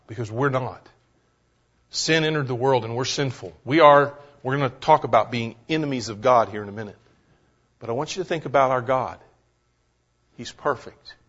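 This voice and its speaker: A man's voice: medium pitch, fairly bright tone. A man preaching a sermon, emphatic, repeating words for stress and asking the listeners questions. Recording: dull lo-fi recording.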